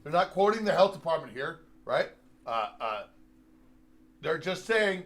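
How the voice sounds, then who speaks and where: A man's voice: a little high, big pitch swings, unhurried, pauses often. A man on a heated, profane political rant, sarcastic and rambling, with many filler sounds as he talks. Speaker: host.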